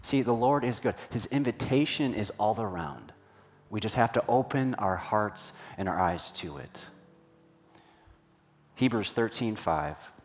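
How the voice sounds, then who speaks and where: A man's voice: lowish voice, expressive, a little slow. A man preaching a sermon in a church, telling a personal story and asking the congregation questions in a conversational way. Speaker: pastor.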